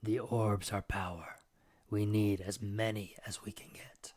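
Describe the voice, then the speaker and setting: Man playing a sinister demon; whispered role-play, hushed, low. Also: flat delivery, a little slow, no echo, studio quality. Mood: scheming.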